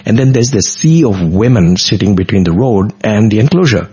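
Warm, expressive, and slightly rough, this lowish male voice moves at a normal speed. He is a middle-aged interview guest telling a devotional story from his own life with earnest, vivid detail, and the lo-fi recording sounds dull.

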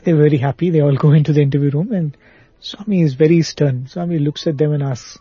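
A man's voice: a little high, fast, husky, no echo, dull audio, soft background music. A man telling a devotional story in a conversation, acting out the lines he quotes. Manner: animated storyteller, acts out quoted speech. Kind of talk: storytelling in a spiritual talk.

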